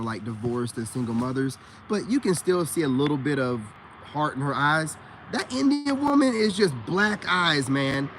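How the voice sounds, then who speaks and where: A man's voice: medium pitch, slight background noise. A middle-aged man ranting to his viewers on a livestream in an emphatic, slangy way, repeating words in bursts. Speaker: self-styled spiritual coach.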